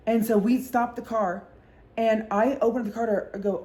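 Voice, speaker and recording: A woman's voice: fairly high pitch, fairly even intonation, a little fast, a little mellow. A woman in a casual storytime chat, rambling with constant fillers and heavy swearing and acting out the voices of people she quotes. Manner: acts out voices in quoted dialogue. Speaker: vlogger.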